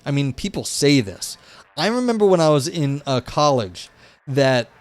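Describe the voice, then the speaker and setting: This young man's voice sits a little high and swings widely in pitch, at a normal speed with no echo. Hosting a live stream, he reads from a philosophy paper, then interrupts himself with offhand, doubtful asides.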